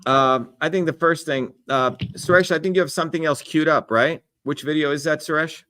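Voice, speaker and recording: A man's voice: on the high side, steady tone, moderate pace, pushed and bright. A middle-aged man answering debate questions on a live stream, emphatic and lecturing in tone. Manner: emphatic, lecturing, repeats "the reality is".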